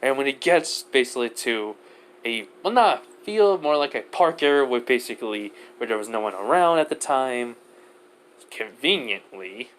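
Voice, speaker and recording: A man's voice: mid-range voice, lively intonation, moderate pace, fairly bright tone, a little hiss or hum. A man narrating an improvised fan story in a rambling way, full of fillers and restarts.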